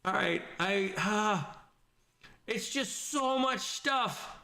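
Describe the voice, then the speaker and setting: A man with a notably high voice hosts a relaxed stream, reading out viewer comments. He rambles, circles back, and restarts sentences often. His tone is bright and forward. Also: extremely slow, gravelly. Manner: rambling, with frequent restarts and self-corrections. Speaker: host reading live chat comments. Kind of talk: casual livestream chat.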